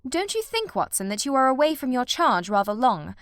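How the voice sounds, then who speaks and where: A cool, intense male detective gives clipped, authoritative orders, voiced by a woman reading the audiobook. The voice sits fairly high, and the recording is dry and close. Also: sing-song, a little fast, clean tone, no echo. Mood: calm reasoning.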